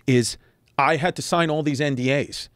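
Animated comedian telling a story, dry mic. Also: male voice, on the high side, moderate pace, no room sound. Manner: animated, profane, acts out other people's quotes. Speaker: podcast guest comedian. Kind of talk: casual storytelling. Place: podcast studio.

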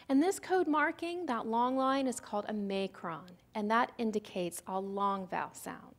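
A woman presenting a recorded teaching lecture, her fairly high voice rising and falling a lot as she walks through each example. She sounds patient and asks the listener questions as she goes, with some fry in her voice. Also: animated, measured pace. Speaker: literacy presenter.

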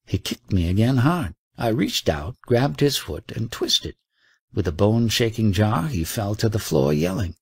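A man narrates a first-person story in a measured audiobook read. His voice sits low with a gravelly, husky grain. The delivery rises and falls expressively, and the sound is close and dry. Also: sing-song, darkish tone, no echo.

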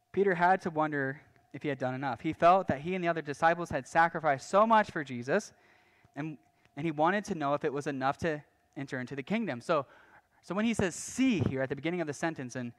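A pastor preaching a sermon in a casual, conversational way, often restarting phrases and adding light asides. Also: male voice, on the high side, fairly bright tone. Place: church.

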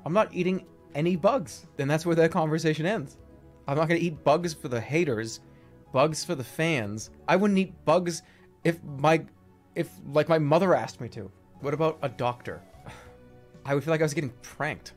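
A man in his thirties streaming, rambling through comic stories in an animated, swearing storytelling way. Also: a little high, moderate pace, faint music behind.

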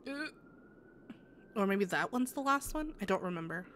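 A woman's voice: mid-range voice, sing-song, normal speed, a bit bright, slight background noise. A woman game streamer in casual live-stream chat, answering her viewers with sympathy and rambling through many restarts.

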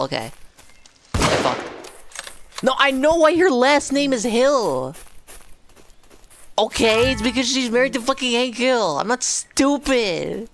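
A woman's voice: fairly high pitch, slight background noise. A woman streaming a game, chatting casually to her viewers with profane jokes. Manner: profane, joking, talks to chat. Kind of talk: casual gaming commentary.

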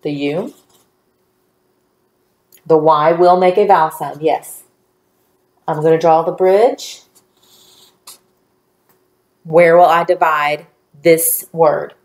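A woman teaching a phonics lesson to young children, patient and encouraging, drawing out each word slowly. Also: deep voice, fairly even intonation, reverberant.

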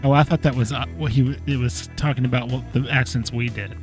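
A man's voice: medium pitch, fairly even intonation, quick pace, soft background music. A man chatting beside a game stream, wry and teasing, sometimes mumbling. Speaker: stream co-host. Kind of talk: casual chat.

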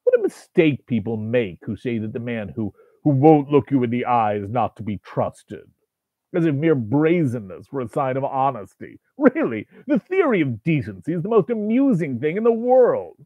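A man's voice: medium pitch, sing-song, normal speed, dry recording. A man voicing a contemptuous male demon who tempts and taunts, with a harsh, grating manner, over a tinny phone-like recording. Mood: scornful. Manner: taunting, coaxing, scornful. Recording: tinny phone-like dry sound.

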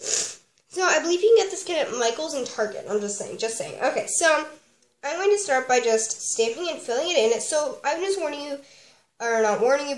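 A young woman with a sniffly voice chats through a craft tutorial at her home desk, rambling with lots of fillers. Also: a little high. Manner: bubbly, rambling with many "like" and "um". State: sniffly from a cold. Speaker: craft vlogger reviewing a kit. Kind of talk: casual chatty tutorial. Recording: echoey room, faint background noise.

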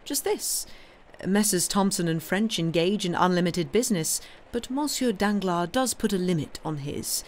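Woman doing a smooth smug count, cold and teasing. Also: on the low side, moderate pace, darkish tone, slight background noise, lightly acted. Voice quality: smooth, coldly ironic. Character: cool, mocking wealthy nobleman. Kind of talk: reading a novel aloud on a livestream.

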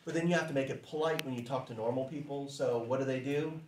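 A male teacher talks to his class in an easygoing, conversational way and sounds phrases out slowly for the room to echo back. His mid-pitched voice carries the ring of a hard-walled classroom, with a faint hiss underneath. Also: steady tone. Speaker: language teacher.

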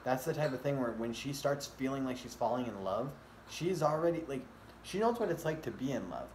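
A man's voice: mid-range voice, animated, a little fast, a little mellow, a little hiss or hum. A man vlogging casually, rambling with many fillers and restarts. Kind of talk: casual rambling vlog talk. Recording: echoey room with faint ambience.

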